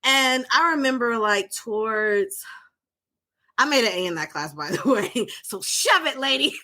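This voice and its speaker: A woman's voice: fairly high pitch, unhurried. A woman co-hosting a podcast, telling a personal story in casual chat and acting out the people in it. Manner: animated, acts out quoted voices. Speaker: podcast co-host, mental health professional.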